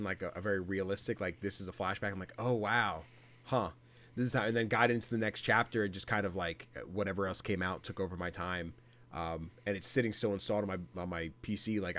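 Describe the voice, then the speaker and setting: Animated man telling stories on a podcast. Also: sits low. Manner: animated storyteller, many fillers and sound effects. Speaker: podcast co-host. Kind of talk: casual chat.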